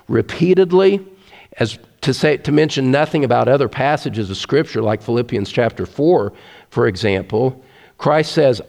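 A man's voice: mid-range voice, creaky, a little mellow, in a large hall. A man preaching a sermon, earnest and emphatic, repeating his key points.

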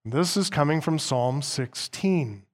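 A man preaching a sermon as pastor. He reads scripture aloud, explains it point by point, and slows down to stress key words. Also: on the high side, animated.

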